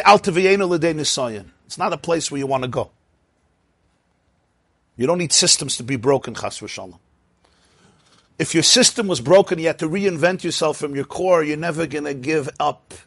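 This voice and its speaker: Husky man teaching Chasidic texts. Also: a little high, no room sound. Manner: reads Hebrew text in a sing-song chant, then explains animatedly. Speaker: Torah teacher. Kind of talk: Chasidic text class.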